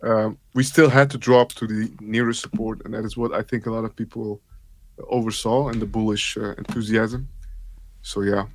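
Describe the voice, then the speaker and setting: A man as a guest, explaining price levels in a measured, casual way. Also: lowish voice, fairly even intonation, darkish tone, a little hiss or hum. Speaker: guest analyst. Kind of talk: casual market talk.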